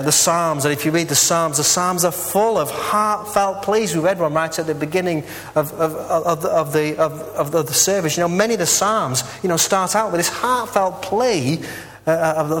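Man, minister, earnest conversational sermon, filler-heavy, slightly high voice, long church echo. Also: a bit bright. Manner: earnest and candid, with many "uh" and "you know" fillers.

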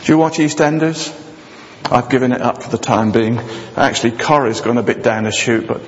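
A man preaching a sermon with jokey asides, swinging between loud, high passages and low, quiet ones. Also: a little fast, slight background noise. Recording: dull sound with long hall reverb.

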